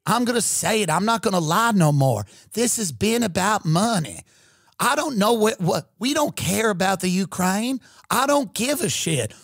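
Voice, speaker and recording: A comedian puts on a greedy old Southern politician who talks in a sassy, crude drawl. The voice sits high and swings widely, with a gravelly edge. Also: male voice, animated, normal speed, a bit bright, no echo, studio quality, heavily acted. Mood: blunt crude.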